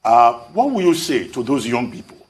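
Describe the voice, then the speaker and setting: A man news anchor asking a guest a polite, measured question on a TV interview. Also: mid-range voice, big pitch swings.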